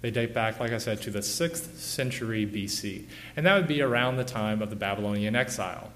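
A man in his thirties giving an informal illustrated lecture, relaxed, with many "uh" and "you know" fillers. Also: fairly low pitch, a little fast, a little hiss or hum.

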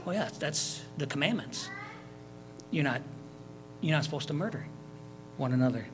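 A man's voice: a little high, lively intonation, moderate pace, over music. A man preaching a sermon, reading scripture verses aloud and explaining them in plain, conversational terms, with repeats and fillers. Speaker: pastor.

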